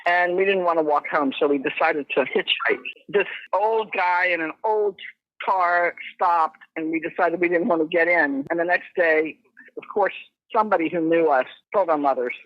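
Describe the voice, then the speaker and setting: A woman's voice: lowish voice, normal speed, no echo. A woman from Richmond, Virginia, calling in to the show and rambling through old memories. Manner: reminiscent, rambling. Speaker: caller, old friend. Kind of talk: phoned-in reminiscing. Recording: dull, dry phone line.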